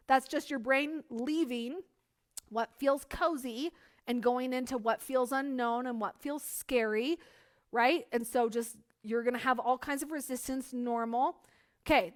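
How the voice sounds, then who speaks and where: A woman giving a lively motivational business coaching talk, full of "like" fillers and acted-out examples. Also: high-pitched. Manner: energetic, acts out hyped voices, many "like" fillers.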